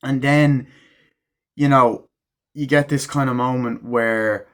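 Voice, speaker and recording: A man's voice: medium pitch, fairly even intonation, slow. A man giving a casual, rambling movie review at home, full of swearing and fillers. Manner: rambling, profane, filler-heavy retelling.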